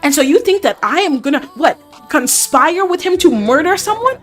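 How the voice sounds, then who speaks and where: A woman voicing an indignant, wealthy older father and grandfather who turns sarcastic and shouts in outrage. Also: fairly low pitch, fairly quick, soft background music, lightly acted. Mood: furious. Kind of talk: voicing game characters in a let's play.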